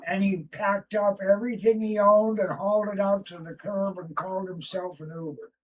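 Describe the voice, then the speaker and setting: A man with a high voice joins a livestream chat from well away from the microphone. He talks in a casual, drawling way, backing up the host's story. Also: steady tone, normal speed, far from the mic, low-quality recording. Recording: voice from off-mic.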